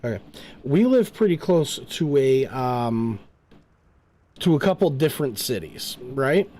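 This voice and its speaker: A man's voice: medium pitch, big pitch swings, unhurried, warm tone. A middle-aged man from New Jersey, rambling through a casual chat while gaming and telling stories with lots of filler words. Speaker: streamer.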